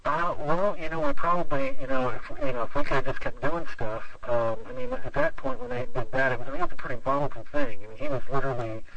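Gravelly, bright-voiced pastor telling a story. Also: male voice, mid-range voice, sing-song, fast, few pauses, poor audio. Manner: rambling, full of 'you know' fillers. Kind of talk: storytelling interview.

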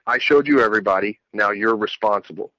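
Calm stern god voice, a bit lower and softer, the way a guy quotes it. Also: fast talker, dry recording, low-quality recording.

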